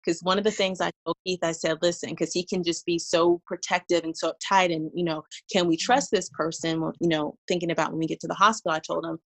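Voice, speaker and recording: A young woman telling her birth story in a casual conversation, animated and laughing, acting out her own past lines. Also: fairly low pitch, fast talker, few pauses.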